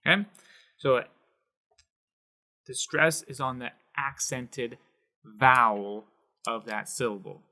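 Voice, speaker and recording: A man explaining Spanish accent marks in a patient whiteboard lesson, slowing down to stress syllables. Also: medium pitch, sharp tone. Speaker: Spanish teacher.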